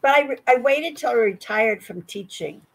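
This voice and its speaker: A woman in her sixties from Virginia, United States, with an American accent, tutors English over a video call in a casual conversation lesson. Her voice is a little high, expressive, and slightly rough with vocal fry, at a normal speed. She often repeats words as she starts, and the recording is rough.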